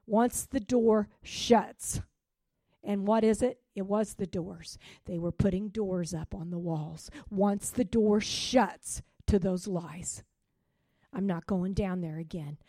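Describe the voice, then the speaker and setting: A woman preaching a sermon with passion, swinging from loud rising calls to hushed, quiet drops. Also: mid-range voice, slow, no room sound. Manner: impassioned, with sudden loud rises and hushed drops.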